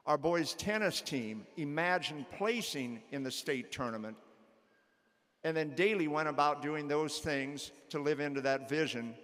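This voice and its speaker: A middle-aged male teacher giving a commencement speech, telling a story in a measured way with a repeated refrain. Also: a little high, a bit bright, long reverb tail. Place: graduation ceremony in a large hall.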